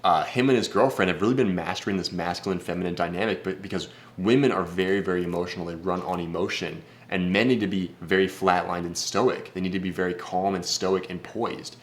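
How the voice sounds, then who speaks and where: A man's voice: low voice, fairly even intonation, brisk, few pauses, slight background noise. A man speaking as a dating coach in a casual vlog, brash, blunt and profane. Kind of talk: casual vlog advice talk.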